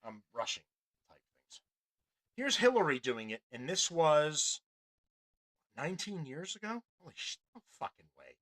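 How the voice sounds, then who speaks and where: A man hosting a podcast, ranting angrily with lots of profanity and restarts. His voice sits a little high and sounds bright and forceful. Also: big pitch swings, unhurried, pauses often. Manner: angry, crude, rambling. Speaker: podcast host. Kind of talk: profane political rant.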